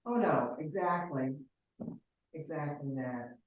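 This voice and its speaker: A woman in her sixties from Ohio, United States, shares a personal family story as a caller in a group call. Her low-pitched, expressive voice rambles and halts with many restarts, and the recording sounds very echoey, distant, and muffled.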